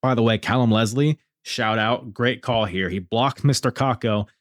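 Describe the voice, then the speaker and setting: A man's voice: mid-range voice, moderate pace, no room sound, clean studio sound. Laid-back man rambling about wrestling. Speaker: podcast host. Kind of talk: casual wrestling review.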